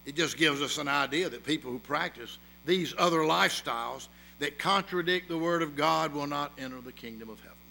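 A man's voice: fairly high pitch, fairly quick, vocal fry, few pauses, sharp tone, rough recording. A man preaching a sermon, emphatic, with rhetorical questions and storytelling. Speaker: pastor.

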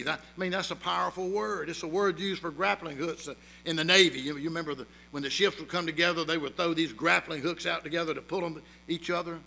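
A man's voice: on the high side, fast, vocal fry, hardly any pauses, pushed and bright, low-quality recording. A man preaching a sermon, emphatic, with rhetorical questions and storytelling. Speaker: pastor.

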